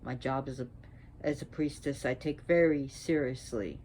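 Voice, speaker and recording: Low-pitched woman, priestess giving a talk, unwell and short of breath, slow and halting, faint noise in the background. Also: steady tone, darkish tone. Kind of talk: spoken talk on mythology.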